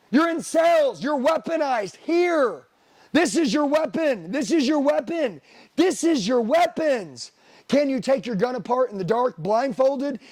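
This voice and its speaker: A man's voice: very high-pitched, a little mellow. A middle-aged man giving a blunt, profane motivational sales seminar talk, firing rhetorical questions at the room. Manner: profane, blunt, hard-driving. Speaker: sales trainer.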